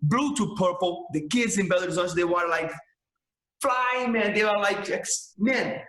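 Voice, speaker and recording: A man's voice: high voice, moderate pace, pushed and bright. A man from Brazil with a Brazilian Portuguese accent, a jiu-jitsu instructor telling stories in casual, broken English full of restarts and emphatic "man". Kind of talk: casual storytelling chat. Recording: roomy echo.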